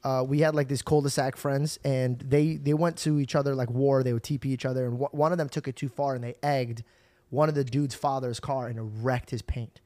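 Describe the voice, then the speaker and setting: A man hosting a podcast, telling long stories in a casual, animated way and acting out other people's lines. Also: mid-range voice, fairly quick, no echo. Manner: animated, acts out quoted voices, swears freely. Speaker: podcast host. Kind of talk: casual storytelling chat.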